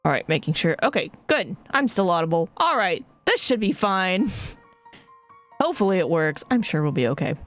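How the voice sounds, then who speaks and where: A woman's voice: on the low side, very animated, moderate pace, faint music behind. A woman streamer chatting casually as she plays, joking at herself and swearing now and then. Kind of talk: casual live-stream chat. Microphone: streaming mic.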